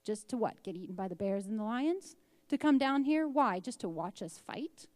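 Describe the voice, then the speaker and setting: A woman's voice: mid-range voice, animated, moderate pace, darkish tone, no echo. A woman teaching an informal Bible lesson in a conversational way, reading scripture aloud and dramatizing the quotes.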